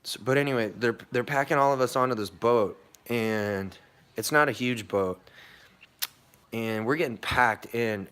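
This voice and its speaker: A man's voice: mid-range voice, unhurried, fairly bright tone, smooth. A young American man telling a long story in a casual vlog, rambling and swearing, with many fillers and restarts. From United States. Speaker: vlogger.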